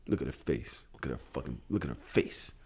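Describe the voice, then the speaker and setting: Animated man telling a story on a podcast. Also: rumbling low, fairly quick, breathy edge. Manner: animated storytelling, acts out quotes, swears freely. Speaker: podcast host. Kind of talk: casual chat.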